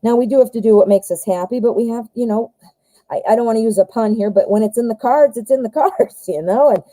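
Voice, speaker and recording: A woman gives a live tarot reading from home, her voice warm and mellow. She talks in a chatty, upbeat way, cheering on the person she reads for. The sound is dry, with no room echo. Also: fairly high pitch, fast. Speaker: tarot reader.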